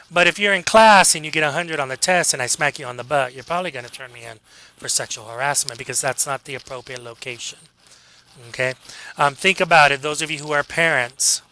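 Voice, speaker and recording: A man giving a casual classroom lecture, joking with students, acting out quick examples and checking in with a frequent "okay?". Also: a little high, pushed and bright, low-quality recording. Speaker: college lecturer.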